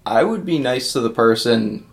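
A man's voice: medium pitch, lively intonation, normal speed. A young man chatting casually about his bank teller job in a laid-back, matter-of-fact way. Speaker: bank teller, podcast guest. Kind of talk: casual chat. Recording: clear background noise with clicks.

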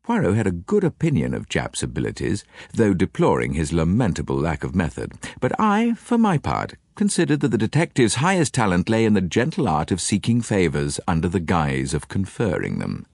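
A man narrating an audiobook story in the first person with an expressive delivery. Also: low voice, moderate pace, creaky, few pauses, dry recording, clean studio sound. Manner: expressive, wide-ranging delivery.

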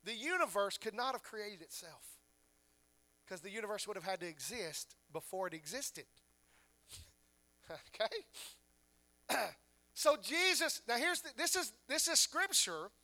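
Bright high-voiced man preaching. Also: very animated, a little slow, pauses often. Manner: preaching with emphatic rhetorical questions. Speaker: pastor. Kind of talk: sermon.

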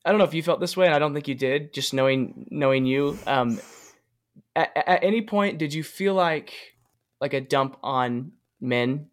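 Halting man co-hosting a movie chat. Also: a little high. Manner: halting, many ums and restarts. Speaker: podcast co-host. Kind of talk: casual movie discussion.

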